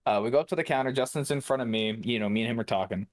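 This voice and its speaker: A man's voice: medium pitch, racing. A man co-hosting a podcast, telling a profane story in casual chat. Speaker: podcast co-host.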